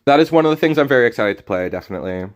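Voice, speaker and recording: A man streaming a card game, chatting casually with his viewers, teasing them and breaking into loud, sudden reactions. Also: mid-range voice, animated, rapid-fire. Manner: casual, teasing banter with chat. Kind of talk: live game stream commentary.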